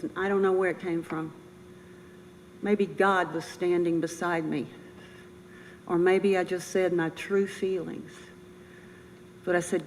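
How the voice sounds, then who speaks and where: An older woman giving a personal memorial speech as a bereaved military mother, earnest, halting and emotional. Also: lowish voice, steady tone. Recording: reverberant room with faint noise.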